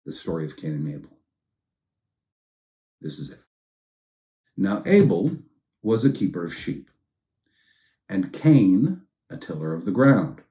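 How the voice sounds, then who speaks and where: A man's voice: sits low, very animated, a little slow, long pauses, dark tone. A man preaching a sermon as pastor, telling a story in a conversational way and acting out quoted lines in different tones of voice.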